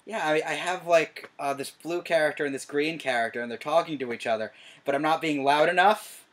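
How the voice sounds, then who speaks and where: A man's voice: fairly high pitch, brisk. A young man chatting casually in a commentary, dry and understated. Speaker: co-host, son.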